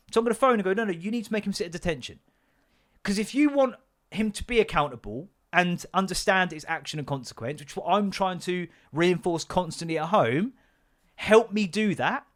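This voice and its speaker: Sweary dad ranting, slightly high. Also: male voice, a bit bright. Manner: blunt, sweary, fired-up. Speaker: podcast host; father. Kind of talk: comedic parenting rant.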